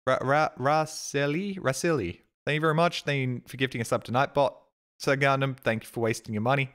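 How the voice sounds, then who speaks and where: A man's voice: medium pitch, fast, a bit bright. An Australian man hosting a live stream, talking loosely and casually to his viewers. He rambles, cracks jokes and swears freely while reading chat messages and thanking subscribers.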